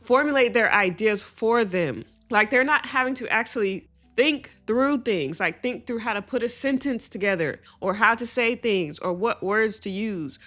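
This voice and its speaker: A woman hosting a commentary video, sharing opinions in a loose, tangent-prone way and laughing as she talks. Her voice is bright and forceful. It sits slightly higher than average. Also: animated, normal speed. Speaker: commentary channel host. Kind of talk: casual commentary rant.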